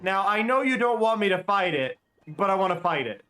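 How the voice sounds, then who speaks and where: A man's voice: high voice, expressive, fairly quick, bright, forceful tone, soft background music. A young man chatting casually on a live stream while playing a game, rambling and laughing often.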